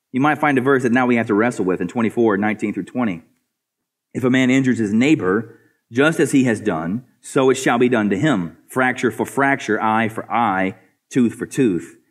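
A man's voice: animated, fairly quick. A male pastor preaching a sermon earnestly, asking rhetorical questions and often repeating words as he builds a point. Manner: swings between soft, low asides and raised, higher emphatic passages.

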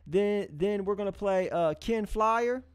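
A man hosting a live music review stream, talking loosely to his viewers with friendly slang, repeated words and long hummed pauses. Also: sits high, clean tone, dry recording, studio quality. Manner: loose, repetitive, restarts and drawn-out hums; encouraging, street-casual address to viewers. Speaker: livestream music review host. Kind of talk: casual live-stream talk to chat.

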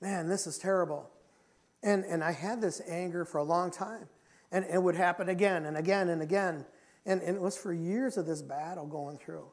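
A man's voice: high voice, normal speed. Impassioned male pastor preaching a sermon. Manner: impassioned, repetitive, swings between loud and soft; confessional, quiet when telling his own story.

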